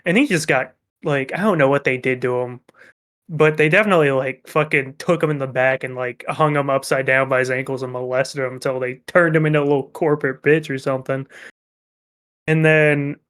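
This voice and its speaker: A young man co-hosting a podcast, telling work stories in a profane, animated way. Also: mid-range voice, brisk, clear, resonant tone. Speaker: podcast co-host. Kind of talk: casual chat.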